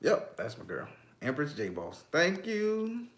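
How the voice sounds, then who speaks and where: Livestream host guy, loud and cussing a lot, voice jumps all over the place, reads chat, keeps cracking up. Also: on the high side, unhurried. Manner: animated, profane and emphatic, reading chat comments aloud; breaks into frequent laughter. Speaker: livestream host and tarot reader. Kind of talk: casual livestream talk.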